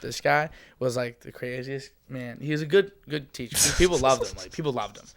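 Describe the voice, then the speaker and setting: A young adult man, a podcast guest in casual chat, telling animated stories and filling his sentences with "like". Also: medium pitch, fairly quick, vocal fry. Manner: animated storyteller, heavy use of "like".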